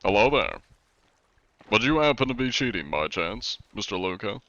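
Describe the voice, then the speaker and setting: A man streaming a game live, chatting in a relaxed, rambling way and swearing casually. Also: on the low side, fairly quick, lo-fi sound. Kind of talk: casual live-stream chat while gaming.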